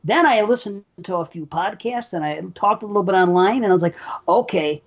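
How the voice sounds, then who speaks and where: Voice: mid-range voice, brisk. A speaker giving strong, profane opinions in a casual film discussion. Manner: emphatic, swears often, opinionated. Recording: slightly dull audio.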